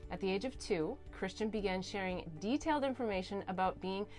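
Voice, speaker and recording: A woman hosting a talk show, telling a story to her guest with eager energy and sometimes sinking to a soft hush for heartfelt points. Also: medium pitch, a little fast, faint music behind. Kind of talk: animated interview storytelling. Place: recording studio.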